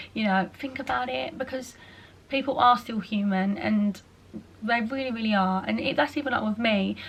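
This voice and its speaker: A young woman talks through viewer questions in a loose, chatty vlog. Her talk is full of "like" and "you know", and she drops into quick voices to quote people. Her pitch sits in an ordinary middle range. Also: vocal fry. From England. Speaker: vlogger. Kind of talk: casual chat answering viewer questions.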